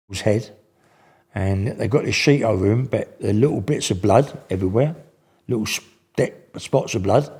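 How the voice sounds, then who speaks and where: A man's voice: fairly low pitch, a little mellow, husky. An older man, telling stories in casual, slangy speech with many restarts. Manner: rambling, slangy, full of restarts. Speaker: guest. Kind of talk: casual storytelling.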